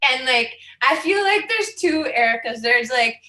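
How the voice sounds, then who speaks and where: A woman in her thirties from Saskatchewan tells her personal story to an audience, candid and chatty, breaking into laughter and growing emotional now and then. Her voice is bright and sits a little high. The room around her echoes. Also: lively intonation, a little slow. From Saskatchewan, Canada. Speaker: guest speaker.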